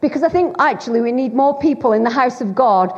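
A woman's voice: sits high, lively intonation, fast. A woman preaching a sermon to her church, emphatic and repeating her points for effect. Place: church hall. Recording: dull sound with long hall reverb.

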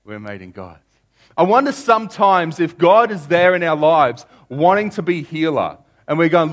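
Chatty pastor, higher-voiced. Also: male voice, big pitch swings, normal speed. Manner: conversational, repeats phrases, stammers restarts. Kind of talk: sermon.

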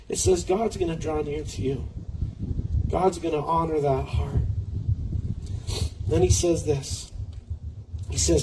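A man preaching a sermon in an earnest way, slowing down to read scripture aloud and often restarting words. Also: high-pitched, dark tone, slight background noise, low-quality recording.

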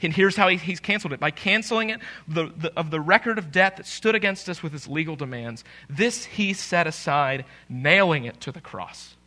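A man preaching a sermon as pastor, conversational and animated, with emphatic rises. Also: a little high, moderate pace, few pauses.

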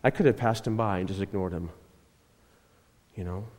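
A man's voice: low-pitched, moderate pace, darkish tone, in a large hall. A man preaching a conversational sermon as pastor, telling a personal story, repeating himself and often checking in with the congregation. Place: church.

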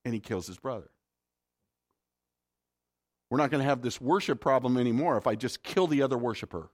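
A man's voice: medium pitch, expressive, fairly quick. A male pastor preaching a sermon in a conversational way, often asking the congregation rhetorical questions.

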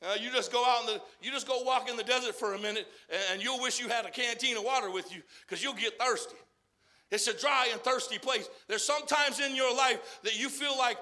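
A man from Arizona preaching a folksy sermon, repeating himself as he builds to loud exhortation and then drops quiet. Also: very high-pitched, fairly quick.

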